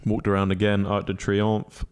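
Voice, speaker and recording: A young man telling a travel story on a podcast, relaxed and swearing freely. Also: on the low side, normal speed, smooth. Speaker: podcast co-host. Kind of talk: casual chat.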